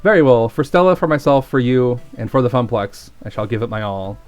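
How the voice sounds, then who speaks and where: A man's voice: medium pitch, brisk, soft background music, close to an everyday voice. A man voicing an earnest, formal young male gamer who speaks in a heartfelt, solemn way.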